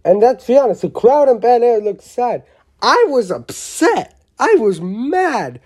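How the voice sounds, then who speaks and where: Unhurried, soft-toned wrestling vlogger; blunt, rambling, excitable opinions. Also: medium pitch, husky. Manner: rambling, excitable, with many restarts; blunt, with mild swearing. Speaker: wrestling show reviewer. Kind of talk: casual opinionated review.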